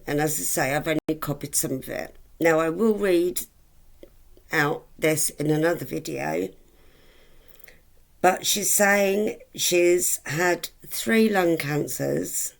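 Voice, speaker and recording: Woman vlogger in her forties; gravelly, unhurried, rambling, affectionate and full of ums. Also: deep voice. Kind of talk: casual chat to camera.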